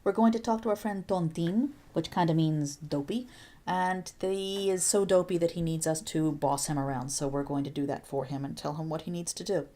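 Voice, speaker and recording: A woman Spanish teacher explaining grammar step by step in a recorded video lesson, patient and clear with playful asides. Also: on the low side, steady tone, moderate pace, mellow.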